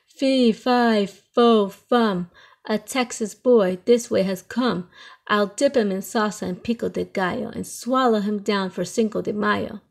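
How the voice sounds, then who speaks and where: A woman voicing a loud, rough, hungry male giant in a storybook read-aloud. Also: high-pitched, measured pace. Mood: menacing.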